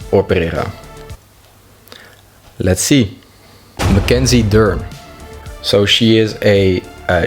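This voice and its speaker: Joking young man vlogging. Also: fairly low pitch. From half French. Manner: jokey, deadpan asides. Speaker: YouTuber. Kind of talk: comedic vlog narration.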